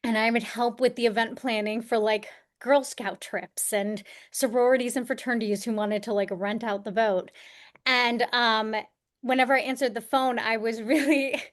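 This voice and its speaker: Chatty woman guest, higher voice. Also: moderate pace. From Poughkeepsie, New York. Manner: chatty, animated storyteller. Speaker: podcast guest, career coach and actor. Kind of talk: casual interview chat.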